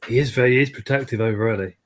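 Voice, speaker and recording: A middle-aged man hosts a casual live stream, chatting and reading out viewer comments. His mid-range voice races along.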